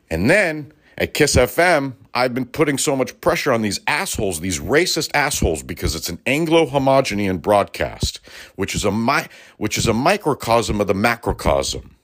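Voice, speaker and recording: On his political talk-radio show, a middle-aged man from Los Angeles, United States, unloads a heated and profane rant, emphatic and laced with sarcastic asides. His mid-range voice is sing-song and a bit bright, at normal speed.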